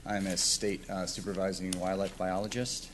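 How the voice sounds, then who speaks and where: Man, wildlife biologist at a council podium, measured and formal, lowish voice, faint hiss. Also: little pitch movement. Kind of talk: formal public comment. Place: council chamber.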